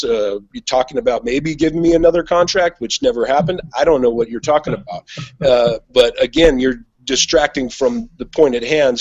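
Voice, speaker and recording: A man's voice: medium pitch, no room sound. A man telling a heated story on a podcast in a blunt, profane, casual way. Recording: dull dry lo-fi sound.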